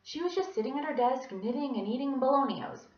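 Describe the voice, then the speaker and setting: A young woman performing a children's story aloud for a storytelling class, animated and voicing many characters. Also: high-pitched, fairly quick. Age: young adult. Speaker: student storyteller. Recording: distant mic, roomy, dull sound.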